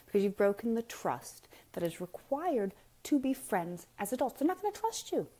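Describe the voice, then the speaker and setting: A woman's voice: fairly high pitch, big pitch swings, moderate pace, mellow. Blunt woman talking parenting on a live stream. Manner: emphatic, full of rhetorical questions; frank and blunt, addresses viewers directly. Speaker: parenting speaker. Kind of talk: casual live-stream talk.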